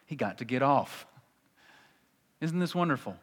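A man preaching a sermon in church, reading scripture aloud and acting out the people in it with lively energy. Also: mid-range voice, measured pace, slightly rough. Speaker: pastor. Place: church sanctuary. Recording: long reverb of a large hall.

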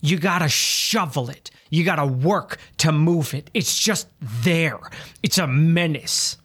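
A man's voice: a little high, slow, a bit bright. A man from Chicago hosting a comedy podcast, ranting in an exasperated, emphatic way about small annoyances. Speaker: podcast host. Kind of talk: comedic rant.

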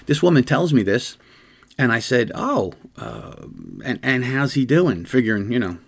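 A man's voice: mid-range voice, lively intonation, a little slow. Earnest man telling a police story. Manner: earnest, rambling, with frequent restarts. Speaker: podcast host and police detective. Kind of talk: conversational storytelling.

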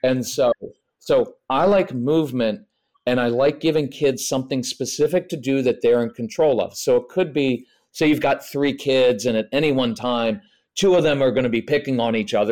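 A man's voice: mid-range voice, fairly quick, a little mellow. A middle-aged man, a parenting expert guest on a podcast, explaining in a practical way and acting out examples in voices. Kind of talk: podcast interview.

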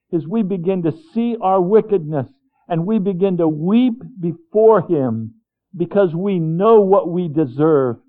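A man preaching a sermon as pastor, earnest, swinging between hushed, quiet passages and fervent, raised ones. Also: high voice. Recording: tinny phone-like sound.

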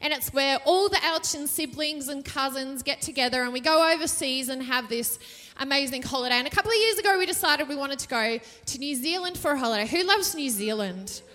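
Bright-voiced woman preaching. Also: high-pitched, expressive, fairly quick. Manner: chatty and jokey, asks the audience questions. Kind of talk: sermon. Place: church stage. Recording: reverberant church hall.

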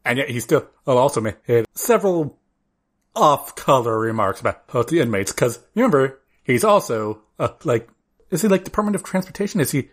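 A man's voice: mid-range voice, lively intonation, a little fast. A man co-hosting a podcast in a casual chat, rambling with plenty of restarts. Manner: rambling with many restarts and fillers. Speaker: podcast co-host.

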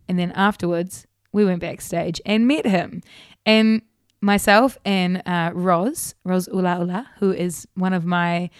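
Chatty New woman, smooth voice. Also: lowish voice, no room sound, clean studio sound. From New Zealand. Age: 30s. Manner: chatty and animated, laughs often, many fillers. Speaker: singer guest. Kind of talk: casual interview chat.

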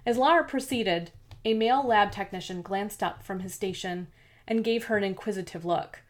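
In a mid-range voice, a woman narrates a novel aloud for a scripted audiobook, telling the story in a steady, measured manner.

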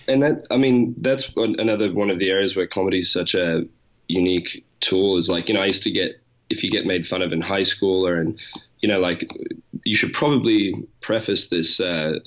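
Deep-voiced guy, half english half american accent, rambles and jokes at himself, kinda dull lo-fi sound. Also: steady tone, brisk, fairly bright tone. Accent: mixed English-American, often taken for Australian. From England and America. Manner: rambling, self-mocking, laughs while talking. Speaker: podcast guest. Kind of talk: casual podcast chat.

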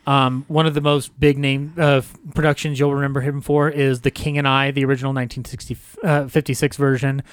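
A man's voice: medium pitch, little pitch movement, a little fast, few pauses, smooth, no room sound. A man co-hosting a podcast, chatting casually about film history in a jokey way, laughing often. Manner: jokey, laughs often, throws in silly impressions. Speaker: podcast co-host.

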